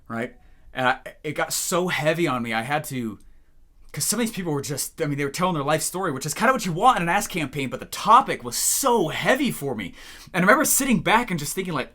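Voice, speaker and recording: A young man with a fairly high, quick voice coaches on business in an energetic talking-head lesson. He's an animated storyteller, acting out phone calls as he tells his stories.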